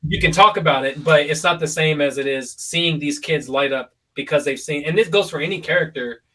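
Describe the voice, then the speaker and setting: A man's voice: fairly high pitch, brisk, recorded from a distance, low-quality recording. Young man hosting a chatty podcast, a little off-mic. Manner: relaxed and rambling, full of fillers and likes. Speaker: podcast host. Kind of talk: casual podcast chat.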